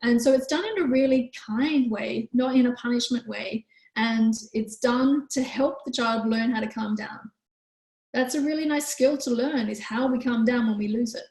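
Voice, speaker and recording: A woman hosting a live online parenting workshop who answers questions in a gentle, calm, explanatory way. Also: fairly high pitch, normal speed, reverberant, poor audio. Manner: gentle, calm, explanatory, with frequent "you know".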